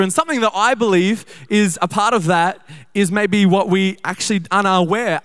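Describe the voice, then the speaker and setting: A young man preaching a sermon at a church service, talking conversationally in quick bursts and slowing down to read scripture. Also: high-pitched, a bit bright, clear, resonant tone.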